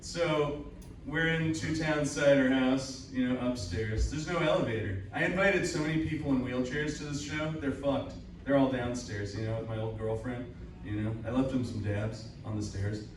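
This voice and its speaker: A young man performs a rambling, crude, self-deprecating stand-up set at a live show in the upstairs room of a cider house, speaking at normal speed in a medium-pitched voice. The very echoey room makes him sound far off, with faint room noise.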